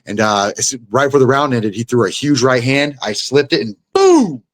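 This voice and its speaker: A man's voice: medium pitch, sing-song, normal speed, dry recording. A young man, a guest fighter, telling a fight story in casual chat. He swears freely and acts out the blows with sound effects.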